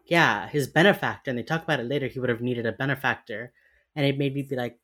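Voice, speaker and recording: A woman with a strikingly low voice talks through a TV episode in relaxed podcast chat. She keeps slipping into the characters' lines as she retells scenes. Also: fairly quick. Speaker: podcast co-host recapping a TV episode. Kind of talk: casual chat.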